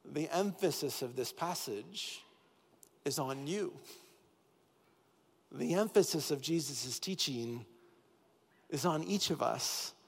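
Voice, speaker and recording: A man's voice: on the high side, animated, slow pace, creaky, long pauses, breathy edge. Man preaching in a reverberant church. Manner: earnest, repeating key phrases with rising intensity. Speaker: pastor. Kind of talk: sermon. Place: church sanctuary with long reverb. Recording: reverberant hall with soft music behind.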